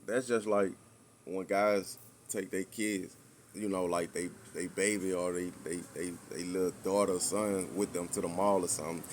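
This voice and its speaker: A man's voice: low-pitched, steady tone, normal speed, slight background noise. A man co-hosting a podcast, talking in a laid-back, drawling way full of fillers. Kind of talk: casual podcast chat.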